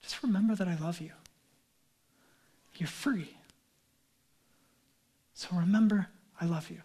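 A man voicing a calm, tender divine figure who speaks lovingly in a very soft, near-whispered voice. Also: sits high, a little slow, breathy edge, pitched below the performer's own voice.

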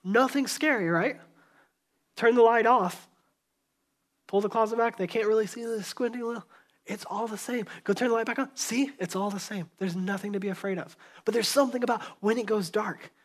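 A man pastor preaching a sermon in a church, telling the story conversationally, acting out voices and dropping to a hushed tone. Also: sits high, steady tone, a little fast.

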